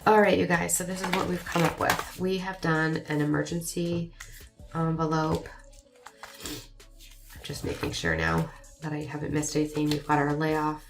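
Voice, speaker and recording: Low scratchy-voiced woman chatting casually. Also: flat delivery, normal speed, soft background music. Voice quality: scratchy, raspy voice. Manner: chatty, rambling, self-deprecating. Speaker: vlogger. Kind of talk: casual planning vlog chat.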